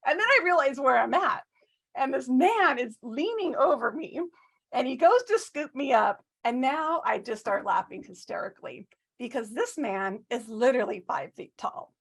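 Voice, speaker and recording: Woman speaker, lively funny story speech, self-mocking, quizzes the audience, slightly high voice. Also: moderate pace, slightly rough. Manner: animated, self-mocking, asks the audience questions. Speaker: club speaker.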